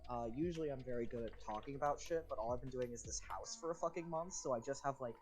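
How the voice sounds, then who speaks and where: A man's voice: mid-range voice, quick pace, faint music behind, poor audio. A trans man whose voice is dropping and cracking on testosterone, chatting casually and swearing on a live stream. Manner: rambling, swears a lot.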